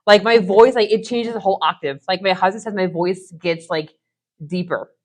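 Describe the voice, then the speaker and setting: A woman's voice: medium pitch, moderate pace. A woman in her thirties co-hosting a podcast, bubbly and giggly in casual chat. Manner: bubbly and giggly, many "like" fillers.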